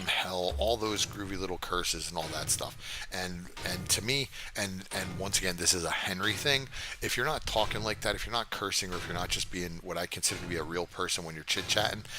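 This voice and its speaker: An older man hosting a gaming livestream from his desk, chatting casually and cursing freely as he rambles and answers chat while he plays. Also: deep voice. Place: home desk.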